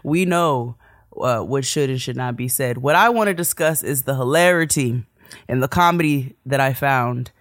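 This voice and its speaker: A woman's voice: very deep voice, normal speed. A young woman co-hosting a podcast in casual chat, joking and laughing often. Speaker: podcast co-host.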